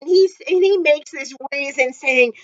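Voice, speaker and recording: Woman vlogger, casual gushing fan recap, high voice, dry slightly lo-fi home recording. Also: normal speed, fairly bright tone, no echo. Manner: gushing, emotional fan talk with many fillers; close to tears at times. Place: indoors at home.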